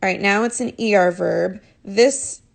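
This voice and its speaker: A woman's voice: mid-range voice, unhurried, gravelly. A woman teaching a live online lesson from her phone, patiently and encouragingly correcting students' answers. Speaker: Spanish teacher.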